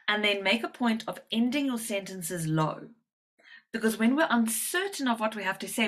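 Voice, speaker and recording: A woman confidence coach giving a lively, demonstrative presentation, coaching her audience with direct instructions and playful swings in pitch and volume. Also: normal speed, poor audio. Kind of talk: presentation to medical professionals.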